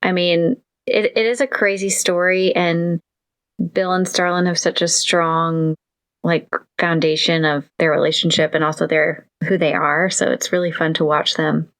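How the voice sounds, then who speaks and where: A woman's voice: fairly low pitch, steady tone, moderate pace, a bit bright. A woman hosting a casual interview podcast, affirming her guest and reflecting on the story. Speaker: podcast host.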